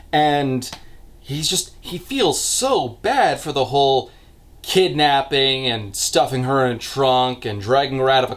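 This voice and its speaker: Guy doing a chatty book review vlog, middle pitch, sarcastic and dry about the plot. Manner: sarcastic, deadpan asides. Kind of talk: casual review commentary.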